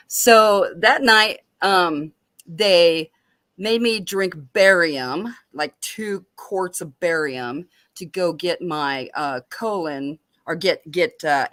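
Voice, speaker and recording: A woman with a lowish voice tells a personal story with lively, animated energy. Her delivery is casual and expressive. The sound is dry and close, with no room echo. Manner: lively, animated retelling with laughter. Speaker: open mic guest.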